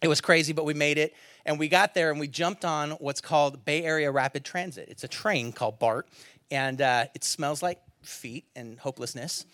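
Bright-voiced man preaching a sermon. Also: a little high, moderate pace, no echo. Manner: storytelling, swings from loud exclamations to hushed near-whispers. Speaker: pastor. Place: church service.

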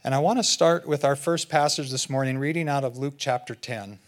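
A man filling in as guest preacher, giving a conversational sermon and slowing down to stress key phrases. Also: medium pitch. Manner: conversational, slows down for emphasis.

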